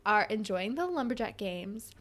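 A woman's voice: mid-range voice, lively intonation, normal speed, a bit bright. A young woman co-hosting a podcast, chatting casually and giggling as she recaps a TV episode. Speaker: podcast co-host.

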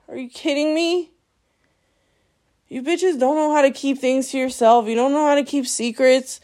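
Woman, podcast host, solo rant, blunt and profane, scolding tone, fairly high voice. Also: normal speed, a little mellow. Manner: blunt, profane, scolding, laughs between lines.

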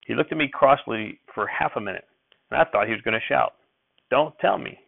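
Gravelly man reading a novel aloud. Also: medium pitch, fast, dry recording. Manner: steady narration with small slips and self-corrections. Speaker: reader. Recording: dry, thin phone-like sound.

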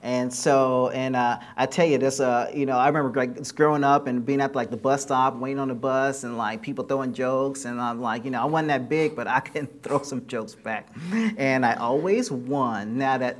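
A man chatting at home, animated and talkative, his sentences running long and full of fillers. His voice sits at a medium pitch. He speeds up and slows down as he talks. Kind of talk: casual conversation. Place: living room.

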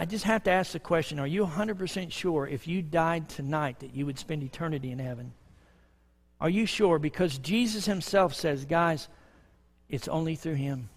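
Impassioned pastor preaching in a reverberant church. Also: male voice, a little high. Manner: impassioned, pleading, with dramatic pauses. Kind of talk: sermon. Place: church sanctuary.

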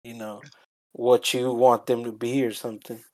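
A man's voice: medium pitch, flat delivery, normal speed, darkish tone. A young man co-hosting a podcast, laid-back and agreeable, swearing casually as he talks. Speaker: podcast co-host. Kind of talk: casual chat.

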